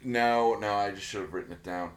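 Low-voiced man chatting enthusiastically. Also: fairly quick. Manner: enthusiastic, swears a lot, many restarts. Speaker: podcast co-host. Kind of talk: casual chat.

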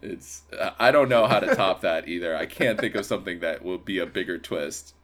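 Male podcast co-host, lower voice, dry wry recap delivery. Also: a little fast. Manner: wry, deadpan build-ups, laughs mid-sentence. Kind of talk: casual movie recap chat.

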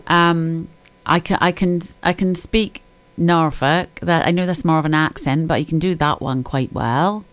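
A woman's voice: deep voice, fairly even intonation, measured pace, few pauses, no room sound. A middle-aged woman hosting a radio chat show, chatty and giggly, often repeating her words. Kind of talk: casual chat.

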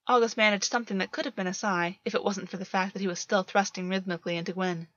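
A woman narrating a romance story in a steady, measured reading voice. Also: mid-range voice, no echo. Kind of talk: audiobook reading of fan fiction. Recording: dull lo-fi, dry.

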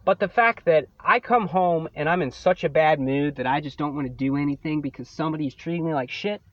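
A man's voice: on the high side, a little fast, fairly bright tone, dry recording, highs cut off. A man hosting his own podcast, venting about a coworker in a profane, sarcastic solo rant. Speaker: podcast host.

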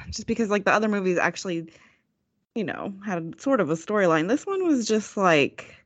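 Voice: medium pitch, lively intonation, normal speed, fairly bright tone, dry recording. A podcast co-host chatting casually about films, hesitant and full of fillers. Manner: hesitant, many fillers like "like" and "I don't know". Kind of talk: casual film review chat.

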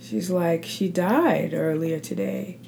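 A woman hosting a casual chat, relaxed and supportive, who reacts briefly and then tells her own side of a story. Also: fairly low pitch, slow, vocal fry, slight background noise. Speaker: host.

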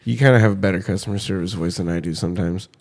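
A young man with a low voice chatting casually with a friend. He rambles, swears freely and fills pauses with "uh". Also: a little mellow, slightly rough. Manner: profane, rambling, frequent fillers. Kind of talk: casual chat.

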